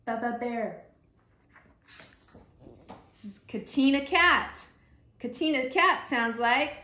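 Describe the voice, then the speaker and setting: A woman teaching a phonics lesson to young children, slow and patient, repeating the letter sounds. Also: high-pitched, expressive, fairly bright tone, echoey room.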